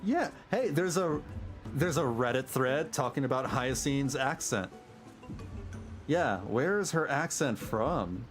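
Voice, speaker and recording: A man's voice: medium pitch, lively intonation, slow. A man casually commenting on a game during a livestream. He muses aloud, trails off, and laughs at his own jokes. His voice sits in a middle range, with faint game music behind him. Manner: musing, chatty, chuckles at himself. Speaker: streamer.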